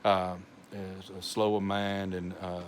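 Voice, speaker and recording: A middle-aged pastor with a heavy North Texas accent talks slowly in a fairly low voice. He rambles, full of "uh"s and restarts, in a homely devotional message. A faint hiss of room noise sits under his voice. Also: level tone. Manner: slow, rambling, many fillers and restarts. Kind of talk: informal devotional talk.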